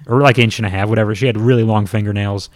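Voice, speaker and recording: Low-voiced man telling a wild story. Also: racing, no echo. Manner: lively, self-mocking storyteller who swears casually. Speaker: former pro wrestler telling a story. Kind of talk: casual storytelling.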